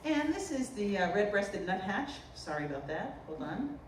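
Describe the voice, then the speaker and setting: A woman from the Boston area, a potter giving a humorous artist talk, telling stories in an animated, joking way. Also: mid-range voice, normal speed. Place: lecture room at a festival. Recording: roomy, distant mic, faint noise.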